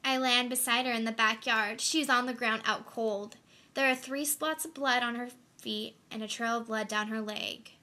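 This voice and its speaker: A reclusive mother who will fight for her daughter, played by a young woman in a stage monologue. She swings from flat, dutiful routine to frantic outbursts. Her voice sits fairly high and sounds very bright. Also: moderate pace. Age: young adult. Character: reclusive mother in a trailer home, fiercely protective. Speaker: student actor. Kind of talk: theatrical monologue.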